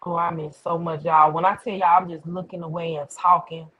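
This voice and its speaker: A woman's voice: fairly low pitch, little pitch movement, brisk, bright, forceful tone, slightly rough, no room sound, muffled recording. A woman hosting a casual livestream, telling a story bluntly with plenty of swearing and answering viewer comments. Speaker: livestream host.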